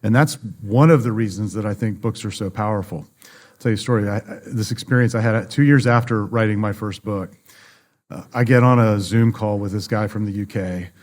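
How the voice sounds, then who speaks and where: A man's voice: on the low side, a little fast, darkish tone. A man guesting on a podcast, explaining publishing in a conversational way and acting out the people in his stories. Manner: storytelling, acts out quoted dialogue. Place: conference venue.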